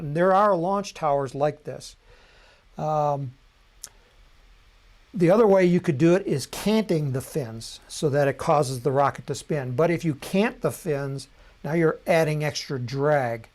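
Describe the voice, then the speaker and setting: A man hosting a live software tutorial, talking casually and thinking aloud at his computer, with frequent ums and self-corrections. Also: on the high side. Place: at a computer desk.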